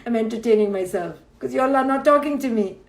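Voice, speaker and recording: A woman's voice: a little high, fairly quick, vocal fry, roomy sound. A woman, a psychologist, giving a playful, emphatic motivational talk on a livestream and acting out people's inner thoughts. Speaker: clinical psychologist hosting a book club livestream.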